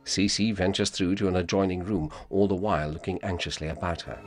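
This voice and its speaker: A man reading calm, measured audio description over a film. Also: low-pitched, over music. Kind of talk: scripted narration.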